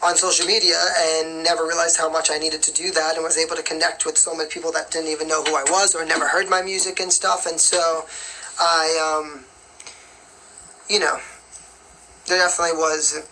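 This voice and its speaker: Young woman singer, bright voice, chatty phone live-stream Q&A, rambling, faint background noise. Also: low voice, level tone, fairly quick, poor audio. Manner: chatty and rambling, full of "like" and "you know". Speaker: singer answering fan questions.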